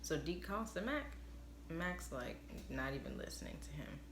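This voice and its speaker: Low-voiced woman rambling thru a casual recap, says like a lot, echoey room. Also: sing-song, normal speed, a little hiss or hum. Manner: chatty, rambling, fond of "like" and "obviously". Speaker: vlogger recapping a TV episode. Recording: roomy echo.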